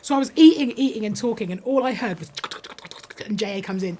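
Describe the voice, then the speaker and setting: A woman, an actress telling a funny anecdote in an animated, laughing way. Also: medium pitch, quick pace, slight background noise. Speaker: actress in a press interview. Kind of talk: casual anecdote.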